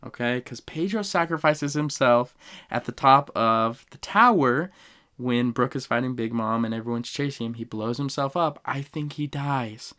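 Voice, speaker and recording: A young man hosting a podcast, casually ranking anime moments with animated, emotional storytelling and slang. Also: mid-range voice, moderate pace. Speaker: podcast host.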